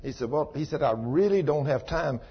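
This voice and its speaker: A man preaching a sermon, telling a long story. He swings from ecstatic shouts down to a low, chatty retelling. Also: expressive, a little fast, breathy edge. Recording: dull lo-fi recording.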